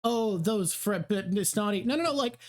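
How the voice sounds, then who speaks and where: A man's voice: high voice, normal speed. A man hosting a casual stream, explaining at length in a dry, wry way. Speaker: stream host.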